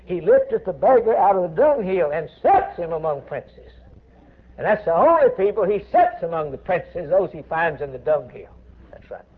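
Preacher guy going from hushed to loud, kinda high voice, sounds like an old phone-line tape. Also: sing-song, normal speed. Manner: impassioned, swings between hushed and rising emphasis. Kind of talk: sermon. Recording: tinny phone-like recording.

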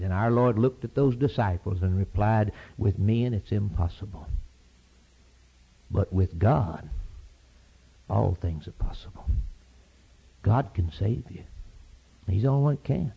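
A man preaching a sermon, impassioned and rhythmic, swinging from loud high peaks down to low, quiet lines. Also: slightly rough. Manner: impassioned, rising to shouted peaks then dropping low; repetitive, rhythmic preaching cadence. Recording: dull lo-fi sermon tape.

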